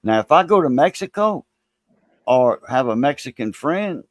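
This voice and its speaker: A man's voice: mid-range voice, very animated, normal speed, no room sound, studio quality. A man hosting a livestream, rambling in a folksy, casual way and greeting viewers. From Louisiana. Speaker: livestream host.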